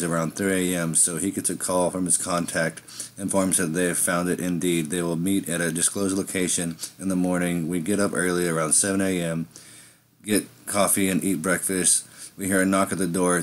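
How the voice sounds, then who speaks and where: Deep-voiced man rambling through a story. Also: level tone, moderate pace, a little hiss or hum. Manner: rambling, with slips and restarts. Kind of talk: improvised first-person storytelling.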